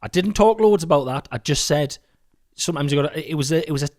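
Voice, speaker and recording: A man's voice: on the high side, animated, darkish tone. A man from North East England co-hosting a comedy podcast, bantering and cracking jokes. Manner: joking, quick banter. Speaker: podcast co-host. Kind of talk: casual comedic chat.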